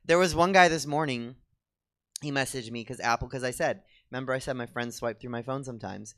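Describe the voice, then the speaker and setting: A man's voice: medium pitch, fairly quick, fairly bright tone. A man co-hosting a comedy show, rambling in a chatty, self-mocking way as he talks with a theater audience. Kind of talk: rambling stand-up style chat with the audience.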